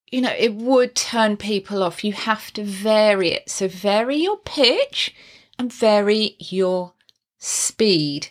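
Slow, expressive woman voice teacher. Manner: expressive, demonstrates pitch and volume changes while explaining; chatty, with frequent laughs and asides. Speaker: singing teacher giving video tips. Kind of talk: casual spoken tutorial.

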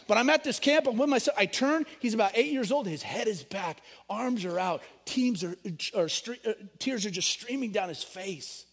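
A middle-aged man preaching a sermon, animated, swinging between loud emphasis and hushed storytelling. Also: sits high, moderate pace, creaky, few pauses. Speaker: pastor.

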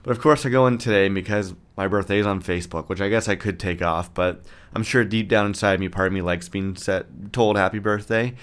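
A man in his thirties talks on his own podcast in a lowish voice. He rants with plenty of swearing and dry sarcasm. His delivery stays fairly monotone throughout. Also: a little fast, smooth. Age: 30s. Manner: profane, ranting, sarcastic; self-described monotone delivery. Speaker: podcast host. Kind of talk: casual solo podcast rant.

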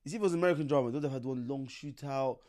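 A man's voice: mid-range voice, rapid-fire. A man, chatting casually and playfully as a podcast co-host. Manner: animated, playful, talks over his friend with slang. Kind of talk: casual chat.

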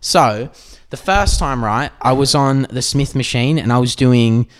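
An Australian man co-hosting a podcast keeps a measured pace in his mid-range voice. In casual conversation he's an animated storyteller who swears a lot.

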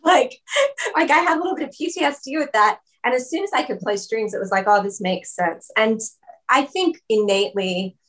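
A woman's voice: high-pitched, a little fast, fairly bright tone. A woman guest speaking in a casual interview, chatty, with many fillers and frequent laughter. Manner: chatty, lots of "like" and "um", laughs often. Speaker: musician guest. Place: video call.

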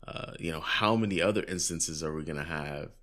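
A man's voice: rumbling low, fairly quick, sharp tone. A man co-hosting a podcast in casual chat, musing aloud and asking open questions. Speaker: podcast co-host.

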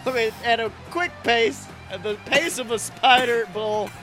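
A man voicing a crude, excitable wrestling announcer who calls the action in profane play-by-play. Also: very high voice, measured pace, soft background music. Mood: excited. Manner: profane, excitable, shouts big moves. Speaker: wrestling commentator character. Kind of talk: comedic play-by-play commentary.

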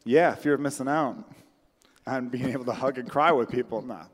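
A man's voice: medium pitch, brisk. Wry profane man in reverberant room. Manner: wry, profane, self-mocking jokes. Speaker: podcast host. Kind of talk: casual comedic podcast chat. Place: room with friends present. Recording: long hall reverb.

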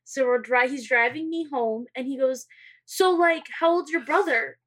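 Bright, high-voiced young woman telling stories. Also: normal speed. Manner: animated storyteller, acts out quotes, laughs often, swears. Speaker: podcast co-host. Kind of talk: casual storytelling chat.

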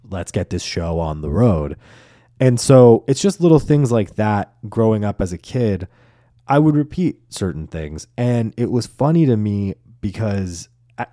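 A man's voice: lowish voice, dark tone, no room sound, studio quality. A man hosting a solo podcast, telling stories in a loose, rambling way full of swearing and fillers. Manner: casual, profane, rambling with many fillers. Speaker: podcast host.

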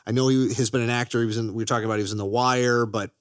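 A man's voice: mid-range voice, fairly even intonation, very fast, clear, resonant tone, no echo, studio quality. A man co-hosting a podcast, chatting enthusiastically about films, joking and swearing. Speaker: podcast co-host. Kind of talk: casual film chat.

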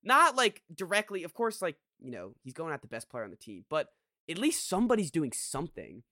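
Guy venting on a sports podcast, rambly and fed up, bright tone, dry close mic. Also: fairly high pitch, huge pitch swings, fairly quick, no echo. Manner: rambling, frustrated, many restarts and sighs. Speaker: podcast co-host. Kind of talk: casual sports chat.

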